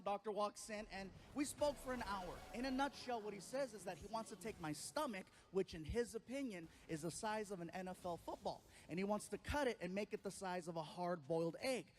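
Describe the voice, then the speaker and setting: A man telling a long comic story on stage, animated and acting out the people in it. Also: high-pitched, brisk. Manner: animated, acts out other people's voices. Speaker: stand-up comedian. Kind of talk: stand-up comedy storytelling.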